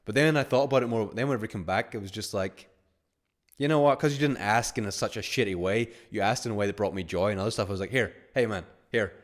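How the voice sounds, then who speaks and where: A man's voice: lowish voice, fast talker. A man hosting a live course webinar, talking casually in rambling anecdotes, reading out chat comments and sometimes swearing. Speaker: course host.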